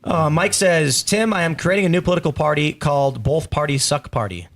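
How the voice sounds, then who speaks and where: A man's voice: a little high, brisk, a bit bright. A man hosting a casual panel talk show, rambling through stories and reading viewer messages. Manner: rambling, storytelling with acted quotes. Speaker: host.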